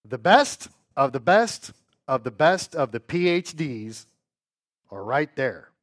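A man teaching an informal Bible lesson in an animated, joking way, often checking in with rhetorical questions. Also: medium pitch, slow.

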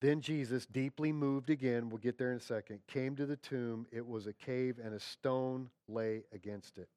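A man preaching a sermon in a conversational, folksy way, checking in with his listeners and dropping to quiet tones for emphasis. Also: medium pitch, fairly even intonation, normal speed, no room sound, studio quality. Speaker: pastor.

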